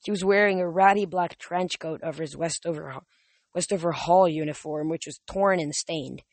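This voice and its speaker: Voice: medium pitch, normal speed, no echo. An audiobook reader narrating a first-person novel in a plain reading with small slips.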